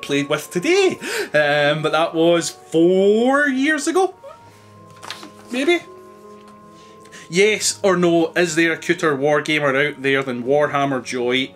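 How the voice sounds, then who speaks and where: A man's voice: a little high, fairly bright tone. A married man vlogging casually, answering questions in a rambling, self-deprecating way with many hesitations. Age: adult, married.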